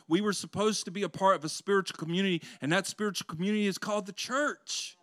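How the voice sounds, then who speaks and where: A male pastor preaching a conversational sermon that swells into loud, passionate peaks. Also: sits high, a little fast, no room sound.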